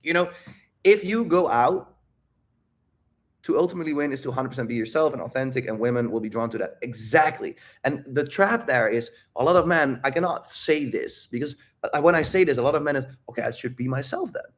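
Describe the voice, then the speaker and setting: A man hosting a casual live Q&A on dating, with a mid-range voice. He swears freely, rambles off on tangents and keeps catching and correcting himself. His delivery is animated and unpolished. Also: mid-range voice, a little fast. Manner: profane, animated, rambling with self-interruptions. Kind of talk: casual livestream talk.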